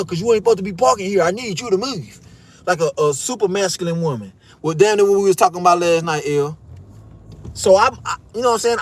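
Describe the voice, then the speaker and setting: A young man telling a story in a casual, animated rant, swearing often and repeating himself. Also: on the high side, noisy background.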